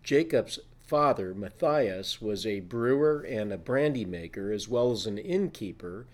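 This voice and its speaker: A man's voice: fairly low pitch, animated, a little slow. A man from Wisconsin who heads a brewery, telling its history in an informative, precise way. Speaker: brewery president. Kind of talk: interview answers.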